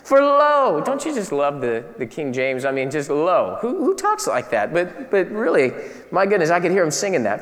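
A man preaching a sermon as pastor, animated and conversational with playful asides. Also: a little high, moderate pace, long reverb tail.

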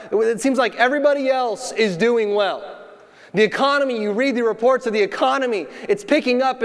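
A man preaching in a church sanctuary with a very high voice, moving from a fishing story into scripture. He talks to the congregation directly and keeps his delivery casual. The sound rings with long reverb from the hall. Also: fairly bright tone, clean tone. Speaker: pastor. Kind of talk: sermon.

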